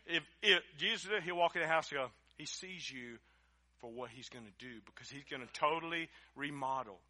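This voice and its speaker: A man preaching a sermon in a church service. He speaks folksily and directly to the congregation, swinging from loud, emphatic preaching to quiet, close appeals. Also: medium pitch. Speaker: pastor.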